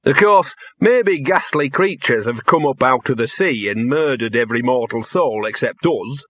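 A smug, grumbling little mutt with a sarcastic streak, as a man puts him on for a storybook. The voice is bright and a bit husky. It sounds dull and lo-fi. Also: mid-range voice, expressive, moderate pace, dry recording. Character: scruffy smug little male talking dog.

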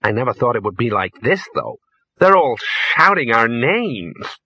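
A man voicing an anxious, bewildered young actress with a softly raised voice, on a slightly dull recording. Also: mid-range voice, big pitch swings, unhurried, breathy edge, no echo, exaggerated voice. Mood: uneasy.

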